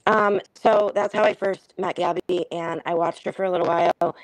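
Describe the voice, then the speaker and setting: A woman calling in as a guest on a livestream, emotional and hesitant, with many pauses. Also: lowish voice, steady tone, dry recording, rough recording. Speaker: guest caller.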